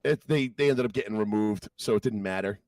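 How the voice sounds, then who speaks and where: A man's voice: fairly low pitch, a little fast, a little mellow, dry recording, distant mic. A man hosting a podcast, telling stories casually and profanely, acting out quotes in raised voices. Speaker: podcast host. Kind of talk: casual storytelling chat.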